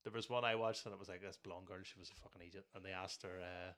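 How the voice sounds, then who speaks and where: A man's voice: deep voice, fairly even intonation, quick pace, fairly bright tone. A young man, co-hosting a podcast in casual chat, joking, swearing and laughing a lot. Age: young adult. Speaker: podcast co-host.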